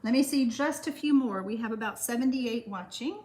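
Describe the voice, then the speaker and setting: A woman's voice: on the high side, normal speed. Chatty older Texan woman hosting a craft class. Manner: chatty, reads viewer comments aloud and answers them warmly. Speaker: card-making host. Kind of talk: live-stream craft class with chat.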